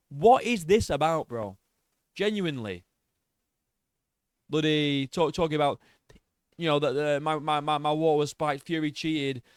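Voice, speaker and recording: A man's voice: fairly high pitch, no echo, studio quality. A man giving a mocking, profanity-laced reaction commentary on a video clip. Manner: mocking, sarcastic, swears freely, laughs at the clip.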